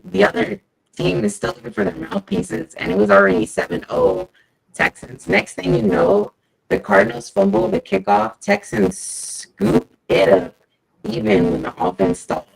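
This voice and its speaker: A woman hosts her podcast segment with heavy vocal fry. Her pitch swings a lot as she tells the game story in upbeat, slangy talk. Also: rough recording. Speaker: segment host, team fan. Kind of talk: casual podcast game recap.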